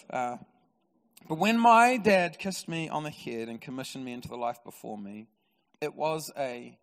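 Man, New Zealand accent, pastor, sermon, animated storytelling, long church-hall reverb. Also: medium pitch, normal speed. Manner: animated storyteller, swings from loud excitement to quiet intimacy.

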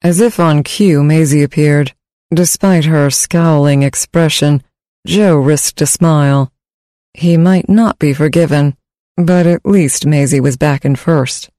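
A man reading a science fiction story aloud in measured, steady scripted narration. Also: a little high, no echo, clean studio sound.

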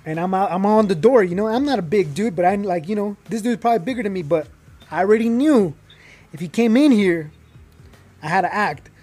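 High-voiced man telling a story. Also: a little fast, breathy edge. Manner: animated, acts out quotes, many fillers. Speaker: guest telling his story. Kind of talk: casual storytelling.

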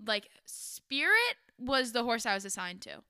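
A young woman co-hosting a podcast, cutting in to retell a story in excitable casual chat. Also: a little high, a little slow, clean tone, dry recording, studio quality. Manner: excitable, jumps in, dense with "like". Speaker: podcast co-host.

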